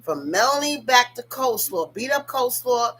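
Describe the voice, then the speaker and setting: Blunt, profane woman with a bright voice. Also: fairly high pitch, normal speed, husky, poor audio. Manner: animated, blunt, profane, talks straight to viewers. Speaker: reality TV commentator. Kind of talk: casual gossip commentary.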